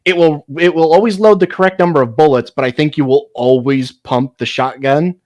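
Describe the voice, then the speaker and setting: A man's voice: a little high, fairly quick, a little mellow, no room sound. A man in casual chat as a podcast co-host, laughing often and trailing off into repeated words.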